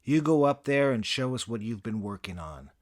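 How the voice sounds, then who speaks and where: A man voicing a blunt older male comedy club manager with a gruff, clipped way of talking. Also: mid-range voice, sing-song, moderate pace, natural voice.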